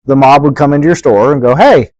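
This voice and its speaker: A man talks bluntly in a relaxed podcast conversation, cursing freely and acting out quoted characters with exaggerated voices. The recording is dry and close, with a slightly dull, muffled tone. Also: mid-range voice, fast, dry recording. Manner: blunt, acts out thugs in lively put-on voices. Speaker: podcast co-host. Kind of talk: casual chat.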